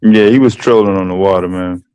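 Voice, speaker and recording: A man's voice: sits low, fairly even intonation, fairly quick, muffled recording, crowd noise. A man on a casual livestream panel, laid-back and explanatory, often trailing off with fillers.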